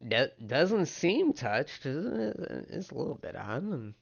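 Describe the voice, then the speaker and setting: A man narrating a tabletop game as game master, halting with many restarts. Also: on the high side, sing-song, gravelly, slightly rough, muffled recording.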